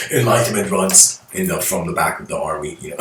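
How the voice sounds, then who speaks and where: A man with a slightly low, forceful voice tells a spiritual story in a lecture. He rambles and restarts as he goes. The room echoes, and he stands away from the mic. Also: recorded from a distance. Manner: rambling, with many fillers and restarts, and animated.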